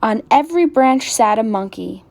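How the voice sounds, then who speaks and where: A woman reading a picture book aloud with gentle, expressive narration. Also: fairly high pitch, normal speed, creaky. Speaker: storyteller.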